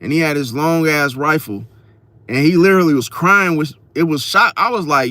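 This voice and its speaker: A man telling a story in a casual vlog, slangy and profane, talking straight to his viewers with lively emphasis. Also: a little high, normal speed, dry recording. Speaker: astrology vlogger.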